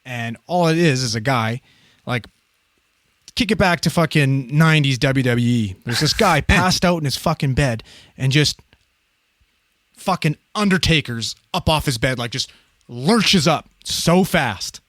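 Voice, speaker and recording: A man's voice: medium pitch, unhurried, no room sound. Profane storytelling man, dry close mic. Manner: profane, animated storytelling with laughs. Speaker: podcast co-host telling a story. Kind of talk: casual storytelling.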